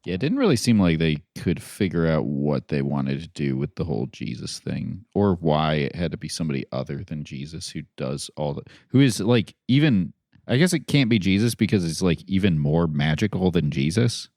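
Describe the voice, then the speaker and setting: A man with a very low, gravelly voice chats casually on a podcast. He speaks in a laid-back, meandering way, full of fillers. The sound is dry and close. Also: animated, moderate pace, a little mellow, dry recording. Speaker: podcast co-host.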